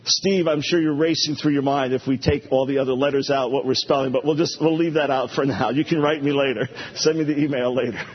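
A man preaching a sermon as a pastor, animated and playful, repeating phrases for emphasis. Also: medium pitch, brisk, hardly any pauses. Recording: dull lo-fi recording.

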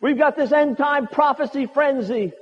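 A man's voice: very high voice, normal speed. A man preaching a sermon with impassioned, rhetorical repetitions. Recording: muffled audio with long hall reverb.

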